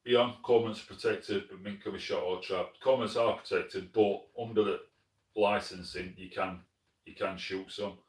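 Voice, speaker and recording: Low-voiced South Yorkshire man, echoey room. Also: steady tone, normal speed, distant mic. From Sheffield, South Yorkshire, England. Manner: friendly, plain-spoken, often calls viewers mate. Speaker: hunting channel host. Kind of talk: live stream chat answering viewer comments. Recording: echoey room, mic some way off.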